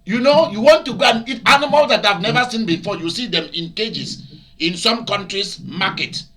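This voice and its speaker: A man with a Nigerian accent preaching as a pastor, telling stories in an animated way that bursts into shouts and laughter. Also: sits high, moderate pace, a crowd in the background. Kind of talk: preaching to a broadcast audience.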